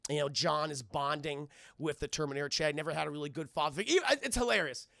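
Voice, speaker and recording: Young man, live-stream film recap, animated, profane, gravelly, bright, dry sound. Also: on the high side, fast talker, no room sound. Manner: animated, profane, keeps addressing chat.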